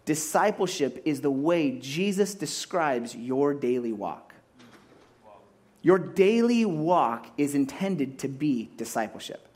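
A man preaching a sermon as a pastor, animated and acting out voices as he makes his points. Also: fairly high pitch, takes it slowly.

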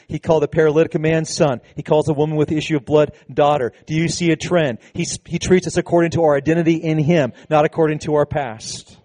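A man preaching a sermon to a congregation, emphatic, slowing down on key phrases and leading call-and-response. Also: on the high side, fairly even intonation, dark tone, no room sound. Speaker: pastor.

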